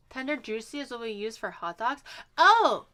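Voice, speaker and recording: A woman VTuber chatting casually while cooking on a livestream, animated and quick to laugh, swearing casually and poking fun at herself. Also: a little high, slight background noise. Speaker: VTuber streamer.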